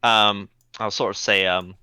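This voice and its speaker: A man's voice: lowish voice, fairly even intonation, unhurried, pushed and bright, clean tone, no echo. A man talking as a player in a tabletop game, thinking aloud and hesitant. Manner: hesitant, deliberating.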